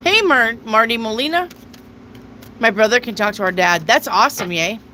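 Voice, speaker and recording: A woman's voice: on the high side, animated, normal speed, bright, forceful tone, slight background noise, low-quality recording. A woman hosting a casual live tarot reading, chatty, reading viewer questions aloud and answering them. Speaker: tarot reader.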